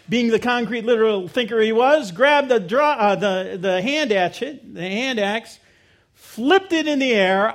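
A middle-aged man preaching a sermon, telling a personal story and swinging from loud emphasis to quiet, low asides. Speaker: pastor.

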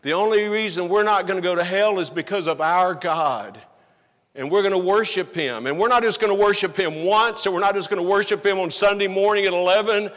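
Asking the congregation one rhetorical question after another, this pastor preaches earnestly and emphatically. His voice is high-pitched, fairly bright and fairly quick, echoing with long hall reverb in the church sanctuary.

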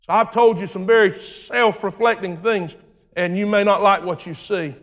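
A male pastor delivering a sermon, swinging from rhythmic shouted lines down to low, hushed phrases. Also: fairly even intonation, moderate pace, in a large hall.

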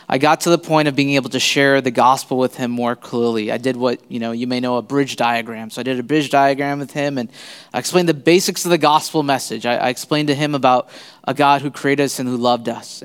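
A man giving a sermon as a visiting pastor in a church, speaking haltingly with many fillers and restarts. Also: mid-range voice, clear, resonant tone, big-room sound. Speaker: guest pastor. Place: church sanctuary.

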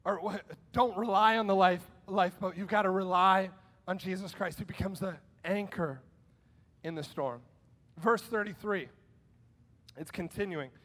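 A male pastor giving an energetic, conversational sermon with sudden shouted lines. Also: high-pitched, moderate pace. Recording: long hall reverb.

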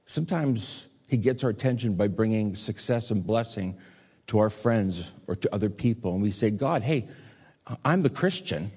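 Animated preacher in a reverberant church. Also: male voice, fairly low pitch, normal speed, husky. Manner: animated storytelling with acted quotes. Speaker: pastor. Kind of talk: sermon. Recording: long hall reverb.

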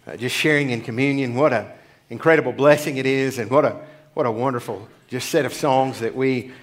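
A man's voice: medium pitch, a little fast. A pastor in his forties giving a casual, joking sermon in church. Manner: chatty, joking asides. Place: church sanctuary.

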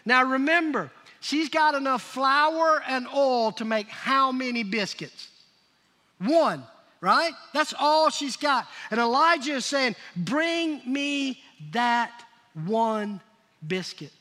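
A man's voice: very high voice, slow, bright, forceful tone. A man preaching a sermon as pastor, emphatic and prodding his congregation to call out answers. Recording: long reverb of a large hall.

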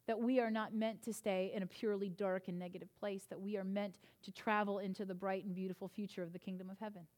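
A woman's voice: mid-range voice, flat delivery, quick pace, few pauses. Earnest woman pastor preaching. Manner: earnest, building to emphatic passages then softening. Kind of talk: sermon. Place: church.

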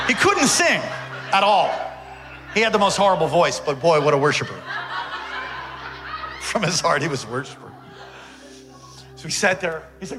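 A man preaching with a high, bright voice, telling a story with big swings from loud excitement to hushed tones. He's a pastor in the middle of a storytelling sermon. Faint music plays underneath. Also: normal speed, long pauses.

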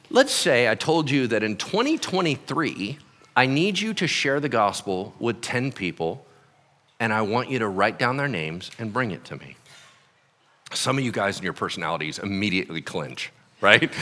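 Animated male pastor in an echoey hall. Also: mid-range voice, normal speed. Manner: animated, acts out quotes and voices. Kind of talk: sermon. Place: church hall.

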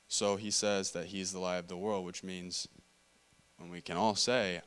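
A man's voice: deep voice, little pitch movement, moderate pace, a bit bright. A man giving a casual sermon, reading scripture aloud and talking it through conversationally, often repeating and restarting phrases. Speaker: preacher. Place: church meeting room.

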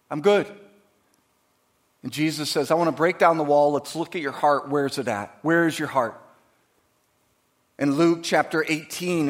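A pastor delivering a sermon, moving between quiet, conversational asides and loud, emphatic preaching, acting out quoted voices. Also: male voice, fairly high pitch. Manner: acts out quoted voices dramatically.

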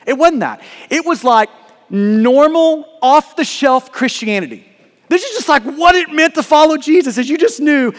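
A man's voice: extremely high pitch, animated, normal speed, in a large hall. A man preaching a sermon as a pastor, earnest and emphatic, often repeating words as he presses a point.

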